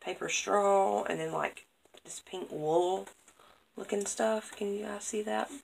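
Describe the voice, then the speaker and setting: A woman's voice: medium pitch, takes it slowly, creaky, a little hiss or hum, rough recording. A woman, chatting casually to camera as she opens craft mail and gushes over every piece. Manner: gushing, excitable, repeats praise words. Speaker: craft vlogger opening happy mail.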